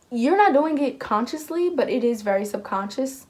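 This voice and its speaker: Tarot reader, female, young adult, lively voice, slightly high-pitched. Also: normal speed, hardly any pauses. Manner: animated, acts out what the listener and their guides might say. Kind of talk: intuitive tarot reading to viewers.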